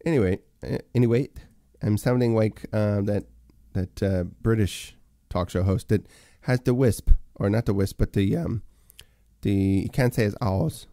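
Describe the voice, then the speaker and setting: Deep gravelly man rambling on a livestream. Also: moderate pace, mellow, no room sound, studio quality. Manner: rambling, full of fillers, talks to chat. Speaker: livestream host. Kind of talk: casual solo livestream chat.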